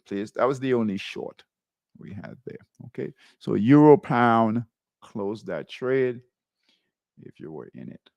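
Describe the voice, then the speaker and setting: A male trading host talks slowly, with a gravelly edge. His pitch moves in a lively way as he points out chart setups and checks in with viewers. The recording is dry and close. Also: no room sound. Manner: repeats tags like "right?" and "okay?" while pointing at charts. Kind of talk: live chart walkthrough.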